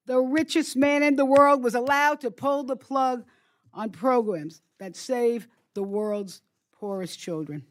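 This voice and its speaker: An older woman giving prepared opening remarks at a hearing, emphatic and forceful, with some stumbles and restarts. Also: medium pitch. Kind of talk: prepared floor speech. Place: hearing room.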